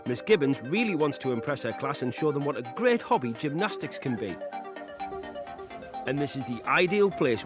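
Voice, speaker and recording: Wry, lively male narrator over music. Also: medium pitch. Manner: wry, playful commentary. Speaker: documentary narrator. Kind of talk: scripted narration. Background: background music.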